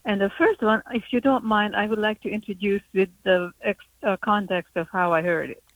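A Hungarian woman whose first language is Hungarian calls in to tell a story over the telephone. Her mid-range voice is steady in tone and a little fast, though she sounds hesitant and uses many fillers. The recording is dry and rough.

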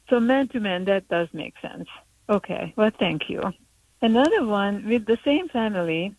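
A woman's voice: medium pitch, darkish tone, no echo, rough recording. Woman calling in. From Hungary. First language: Hungarian. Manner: hesitant, with many fillers. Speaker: caller. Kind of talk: call-in storytelling. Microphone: telephone call.

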